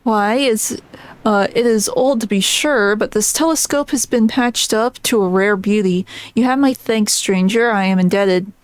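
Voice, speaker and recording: Woman voicing a grim old fisherman, vengeful, plainly read game dialogue, mid-pitched. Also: smooth, dry recording, lightly acted. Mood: grateful. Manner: reads the lines plainly, halting on some words. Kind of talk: reading game dialogue aloud.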